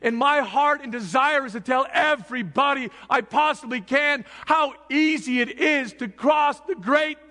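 A man delivers an impassioned sermon in a strikingly high, bright voice. He speaks slowly and deliberately, and his words ring out in a reverberant hall. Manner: impassioned, shouting at peaks. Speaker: preacher.

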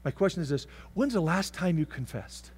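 A man preaching a sermon as pastor, swinging from loud shouts to soft whispers and acting out voices. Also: on the high side, expressive, fairly quick, a little hiss or hum.

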